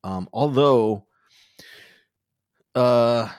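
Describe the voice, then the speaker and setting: A man hosting a podcast, talking in a casual, thoughtful way with many pauses and fillers. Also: medium pitch, a little mellow, clean tone, no echo, clean studio sound. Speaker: podcast host. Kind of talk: casual conversation.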